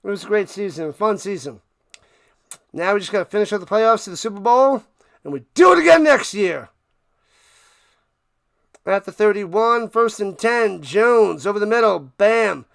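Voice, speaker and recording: High-voiced man calling football live, gravelly. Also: moderate pace, dry recording, clean studio sound. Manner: playful, hyped, talks to chat, sings and riffs. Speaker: live stream play-by-play host. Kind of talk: casual live play-by-play commentary.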